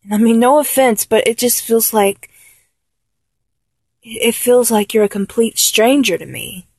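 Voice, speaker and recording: A woman in a one-sided audio role-play, talking in a halting, stammering, apologetic way. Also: fairly high pitch, darkish tone, breathy edge, no echo. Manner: halting, stammering, with many restarts.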